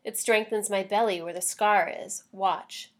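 A woman's voice: medium pitch, steady tone, unhurried, close to an everyday voice. A woman voicing a determined young woman who speaks plainly and firmly.

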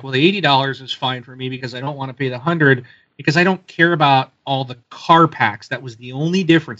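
A man's voice: mid-range voice, pushed and bright, lo-fi sound. A man co-hosting a casual podcast, chatty and hesitant with ums. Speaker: podcast co-host. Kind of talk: casual chat.

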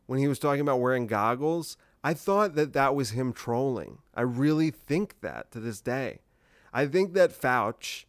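A man talking on his own podcast in a loose, rambling way, sarcastic and incredulous. His voice is smooth and clear at a middle pitch. It is recorded close up with a dry sound. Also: dry recording. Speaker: podcast host. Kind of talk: solo political commentary podcast.

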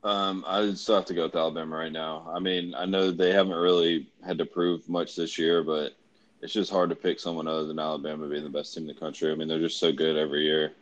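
A man's voice: rumbling low, level tone, fast talker, dry recording. A young man co-hosting a casual sports chat, speaking briefly and plainly. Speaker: podcast co-host.

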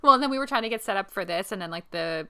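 A woman co-hosting a podcast in casual chat, chatty and quick to agree and laugh. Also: medium pitch, expressive, sharp tone, clear, resonant tone. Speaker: podcast co-host.

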